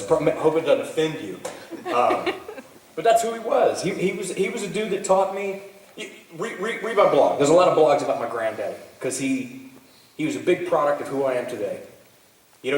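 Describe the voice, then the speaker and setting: A man's voice: medium pitch, slight background noise. Profane man telling stories. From Texas. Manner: animated, profane, stammering restarts. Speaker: convention panel guest. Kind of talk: profane anecdotal storytelling. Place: large convention hall. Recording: roomy hall, voice from far off.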